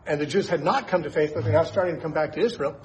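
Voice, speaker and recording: A man's voice: on the high side, very fast, slight background noise, rough recording. A man who teaches the Bible on the radio, explaining scripture in an emphatic way and posing rhetorical questions to his listeners.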